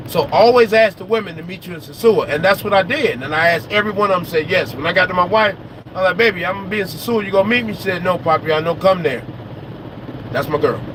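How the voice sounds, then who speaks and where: A man with a notably high speaking voice talks straight to his viewers about his life, swearing often and repeating phrases to drive them home. He sounds animated and unfiltered. The recording is outdoors, with clear road and city noise under his voice. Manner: animated, profane, repeats himself for emphasis. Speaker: trucker vlogger. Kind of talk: casual outdoor talk to viewers.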